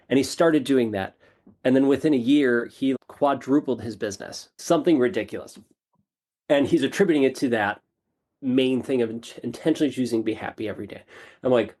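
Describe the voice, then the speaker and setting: A man, a podcast guest, telling a personal story in a casual interview, animated and self-deprecating, repeating phrases for emphasis. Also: mid-range voice, a little fast.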